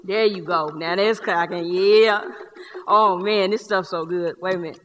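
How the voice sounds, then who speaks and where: A woman's voice: fairly low pitch, steady tone, a little slow, voice pushed down, lightly acted. Woman playing a streetwise Southern man, joking slang, boisterous, live stage, long hall echo. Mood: playful. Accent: Southern US (North Carolina). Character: boisterous young Black man recalling Kool-Aid. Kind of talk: one-person stage show. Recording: live theater hall reverb.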